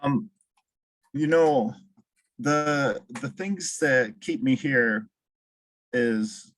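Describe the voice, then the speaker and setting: A man, a veteran speaking at a roundtable in a halting way full of fillers. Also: medium pitch, a bit bright, poor audio. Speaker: veteran, council member. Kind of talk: casual roundtable chat.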